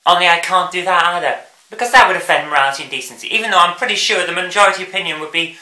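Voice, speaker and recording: A woman's voice: fairly low pitch, lively intonation, very fast, bright, forceful tone, echoey room, low-quality recording. A woman hosting a vlog, ranting about the news in an angry, sarcastic, sweary way. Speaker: vlog host.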